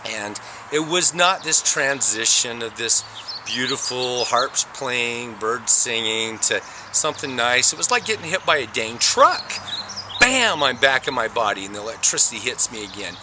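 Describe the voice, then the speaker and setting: A man giving a personal testimony about a near-death experience, telling it in an animated way and acting out the moments. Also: mid-range voice, normal speed, background noise.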